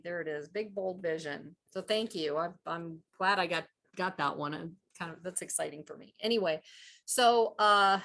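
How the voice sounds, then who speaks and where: A woman hosting a live coaching call who reads oracle cards and leads repeat-after-me healing affirmations in a gentle, measured way. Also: medium pitch. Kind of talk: slow guided healing talk with card reading.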